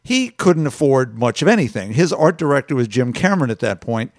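A man co-hosting a podcast, telling long, rambling stories about old films with real enthusiasm. His voice sits at a medium pitch and is recorded close and dry. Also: very animated, brisk, dry recording. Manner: enthusiastic storytelling, rambling film recollections. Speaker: podcast co-host. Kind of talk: casual chat.

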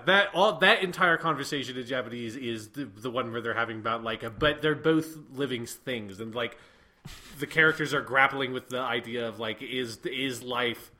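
A man chatting in a thoughtful, rambling way, circling back and restarting his sentences. His voice sounds bright and clear. The tone is casual and easygoing. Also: medium pitch. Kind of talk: casual chat, film discussion.

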